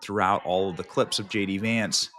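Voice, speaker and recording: A man's voice: low-pitched, fairly even intonation, normal speed. A man hosting political commentary over clips, mocking and emphatic.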